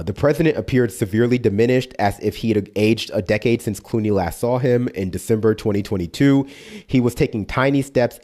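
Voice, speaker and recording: A man's voice: lowish voice, dark tone. Man reading aloud with sarcastic asides. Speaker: streamer reading an article aloud. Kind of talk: casual live-stream reading with commentary.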